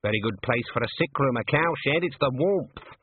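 A man voicing a stern, suspicious old female witch with a sharp, commanding manner. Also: mid-range voice, expressive, moderate pace, husky, dry recording. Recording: dry, tinny phone-like sound.

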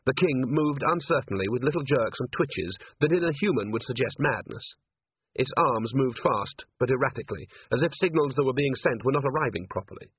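A man narrating an audiobook in a lively, expressive manner. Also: mid-range voice, a little fast, slightly rough, no room sound. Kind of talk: audiobook reading. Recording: tinny phone-like sound, dry.

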